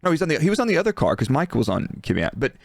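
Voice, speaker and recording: A man co-hosting a casual podcast, relaxed and chatty, laughing easily. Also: on the high side, very fast, gravelly, no room sound, clean studio sound. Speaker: podcast co-host, former F1 engineer.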